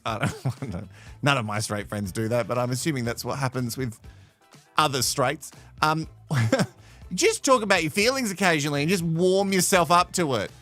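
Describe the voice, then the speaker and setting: A man's voice: fairly high pitch, sharp tone. A man from Australia hosting a live show from home in playful, teasing casual commentary. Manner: chatty, playful, teasing, laughs often. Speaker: host.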